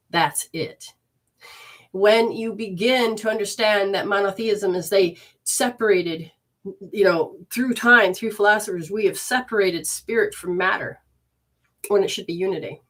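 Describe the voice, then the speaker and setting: Expressive woman teaching spirituality at home. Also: medium pitch, moderate pace. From Michigan, USA. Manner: expressive, reads viewer comments aloud warmly. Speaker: spiritual teacher hosting a livestream. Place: living room.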